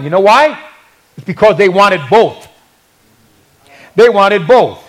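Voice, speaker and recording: A man preaching a sermon from the pulpit. His voice sits high for a man and swings widely in pitch, and he tells the story with animated, humorous energy. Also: takes it slowly, long pauses, rough recording. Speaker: pastor.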